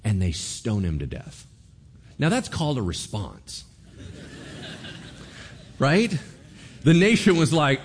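A man preaching a sermon as pastor, animated, acting out the voices of figures in the story. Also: mid-range voice, slow pace, long pauses, slight background noise.

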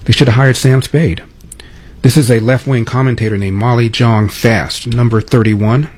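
A man's voice: medium pitch, fairly even intonation, normal speed, darkish tone. A man hosting political talk radio, introducing numbered clips with a sarcastic edge. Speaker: radio talk show host.

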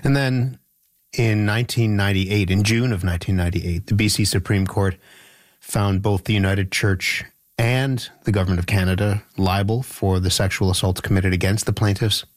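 A man hosts an interview in a very low, deep voice. He asks measured questions and sometimes restarts a phrase. The sound is dry and close. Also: steady tone, no echo. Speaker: interviewer host. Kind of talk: radio interview.

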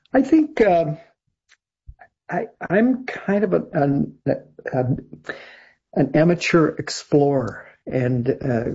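An older man from Canada, a guest songwriter and producer, telling stories in a rambling, husky way with many restarts and laughs. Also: on the high side, mellow. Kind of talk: casual interview storytelling. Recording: dull lo-fi sound.

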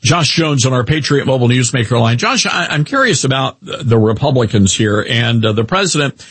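A man's voice: mid-range voice, expressive, a little fast, a bit bright, slightly rough, no echo. A man hosting a talk radio show, blunt and mocking as he questions a guest.

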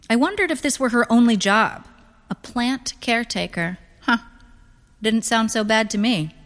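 A woman narrating first-person literary fiction in a dry, deadpan manner. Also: medium pitch. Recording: long reverb.

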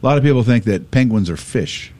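A man's voice: mid-range voice, fast. A man hosting a radio show, talking through a list of trivia in casual, joking banter. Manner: chatty, jokey, animated delivery.

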